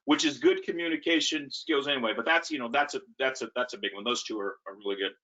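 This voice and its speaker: A man who coaches, telling animated stories in a casual webinar talk. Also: mid-range voice, fast talker. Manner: animated storytelling. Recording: muffled lo-fi call audio.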